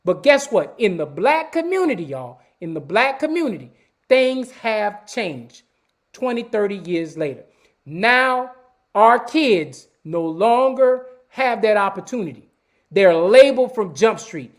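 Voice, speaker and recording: A man's voice: sits high, very animated, measured pace. Emphatic man hosting a live show. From Savannah, Georgia, US. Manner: emphatic and preachy, repeats words, addresses viewers as y'all. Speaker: host. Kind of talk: live-stream commentary.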